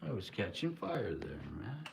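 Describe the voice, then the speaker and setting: A man's voice: mid-range voice, very animated, normal speed, vocal fry, background noise. A man hosting a live stream, talking in a rambling, laid-back way with lots of fillers. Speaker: livestream host. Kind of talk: casual live-stream chat.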